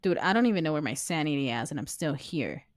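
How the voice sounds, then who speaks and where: A woman's voice: deep voice, expressive, quick pace, no echo, clean studio sound. Woman streamer taunting a game ghost. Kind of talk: live gameplay commentary.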